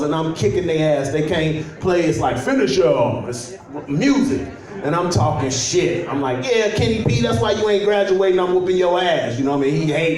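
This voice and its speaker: A young man from Chicago tells a rambling stand-up story, chuckling along with his own punchlines. His voice sits high, and the club sound is very echoey, heard from a distance with the audience laughing. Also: darkish tone. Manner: loose, storytelling, trash-talking, laughs at his own jokes. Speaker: stand-up comedian. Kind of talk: stand-up comedy set. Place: comedy club stage at a holiday party. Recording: echoey club audio from far off.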